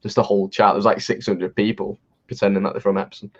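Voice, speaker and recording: Low-voiced man chatting on a lo-fi stream. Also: little pitch movement, quick pace. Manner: chatty, laughs often, rambling restarts. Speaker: livestream co-host. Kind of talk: casual chat watching football. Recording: dull lo-fi stream audio.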